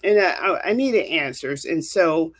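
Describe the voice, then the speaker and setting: A woman's voice: low-pitched, lively intonation, measured pace. A woman counselor telling a personal faith testimony in an earnest, vivid storytelling manner. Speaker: counselor and guest.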